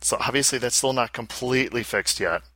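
A man from the United States hosting a casual podcast, sarcastic and deadpan. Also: medium pitch, a little fast, no echo. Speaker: podcast host. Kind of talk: casual chat.

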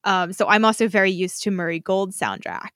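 A woman co-hosts a podcast of casual fan chat, enthusiastic and quick to laugh. Her medium-pitched voice is fairly quick, fairly bright, clear and resonant with fairly even intonation, and the studio-quality sound has no room echo.

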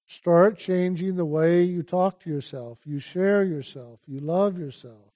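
A spiritual talk comes from an older male teacher with a high voice. The pace is relaxed and calm, and he urges attention repeatedly.

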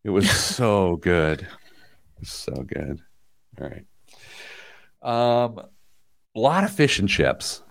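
A man hosting a talk show, telling a story with lively energy and playful asides. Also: fairly low pitch, extremely slow, vocal fry, pauses often. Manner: animated storytelling, mimics voices with laughter. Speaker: podcast host. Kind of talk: casual chat.

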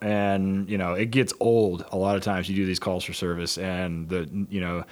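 Blunt, profane man, fairly low voice. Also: normal speed. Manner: blunt, profane, animated storytelling. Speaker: police dog handler trainer. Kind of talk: casual podcast chat.

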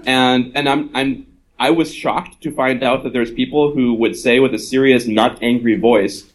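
A man's voice: medium pitch, fairly even intonation, moderate pace, rough recording. A man, an author speaking at a live gathering, who reasons aloud in an earnest, conversational way and often slips into quoted voices.

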